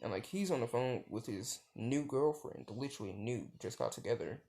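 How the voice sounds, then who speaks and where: Brief: young guy, gravelly, lively swoops, rambling casual storyteller. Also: mid-range voice, normal speed. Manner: rambling, filler-heavy, many restarts. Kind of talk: casual improvised fan story.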